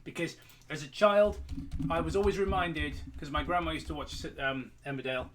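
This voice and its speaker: A man chatting casually and telling stories in a rapid, animated way. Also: a little high, background noise. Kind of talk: casual chat.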